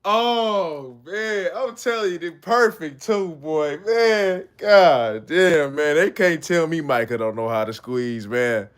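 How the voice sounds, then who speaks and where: Brief: male host, fairly high voice, slow easy delivery, laughing banter, dry room. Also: animated, clear, resonant tone, no echo. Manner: laughing, joking slang-heavy banter. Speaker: show host. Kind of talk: casual sports chat.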